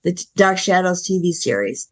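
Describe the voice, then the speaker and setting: A woman filmmaker answers questions in a casual interview. Her speech is thoughtful and halting. She often stops mid-word and starts over. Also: on the low side, big pitch swings. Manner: thoughtful, halting, with many restarts and ums. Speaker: filmmaker guest.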